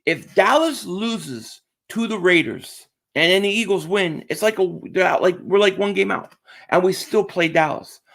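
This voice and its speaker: A man from the Philadelphia area hosts a casual sports live stream, his high-pitched voice gravelly and fairly bright at normal speed. He chats about football and greets viewers in the chat, often repeating himself.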